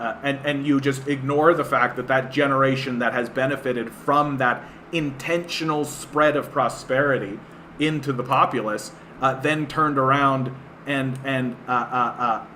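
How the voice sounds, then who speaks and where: A man's voice: medium pitch, steady tone, moderate pace, bright, forceful tone, slight background noise. A man from Canada hosting a livestream of political commentary. He rants in a scornful way, repeating himself and using many fillers. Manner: scornful, repetitive, filler-heavy. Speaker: livestream host.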